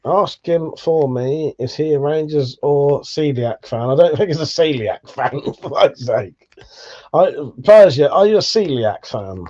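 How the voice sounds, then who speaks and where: A man's voice: fairly high pitch, expressive, unhurried, mellow, lo-fi sound. A man hosting a livestream, reading viewer messages aloud and bantering with lots of swearing and jokes. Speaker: livestream host. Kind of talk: casual live chat reading viewer messages.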